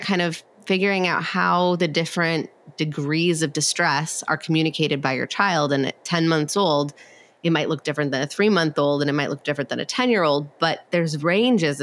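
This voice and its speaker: A woman therapist talking casually on a podcast, using lots of fillers and sometimes acting out quotes. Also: deep voice. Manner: conversational, many fillers, acts out quoted voices.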